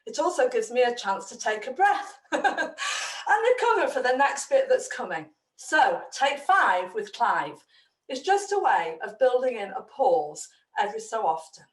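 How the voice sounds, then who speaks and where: Woman, storyteller talking to parents, lively and animated, roomy, mic far off. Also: on the high side. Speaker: children's storyteller addressing parents. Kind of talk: explaining to parents.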